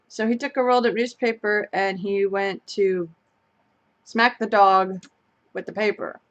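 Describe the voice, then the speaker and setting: A young woman co-hosts a casual live stream, telling a long story to her viewers. She talks in an animated way and laughs often. Her voice sits at a middle pitch. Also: measured pace, dull audio. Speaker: co-host of a live chat stream.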